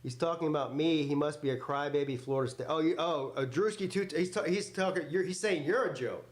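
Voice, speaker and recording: A man's voice: a little high, brisk, roomy sound. A man hosting a live football reaction stream. He jokes, swears freely and answers his chat. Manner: loud, joking, swears freely, talks back to chat. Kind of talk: casual live reaction commentary.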